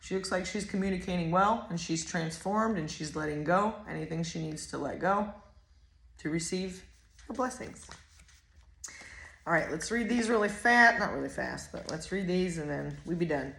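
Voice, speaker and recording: Lady reading oracle cards, kinda low voice, super chatty and swears a lot, roomy echo. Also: normal speed, gravelly. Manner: chatty, rambling, excitable, swears freely. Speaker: spiritual card reader. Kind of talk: casual oracle card reading.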